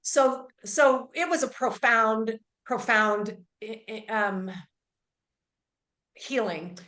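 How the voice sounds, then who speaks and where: A woman's voice: a little high, very slow, sharp tone. A woman Reiki healer telling an earnest, emphatic story as an interview guest, often restarting her sentences. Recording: roomy echo.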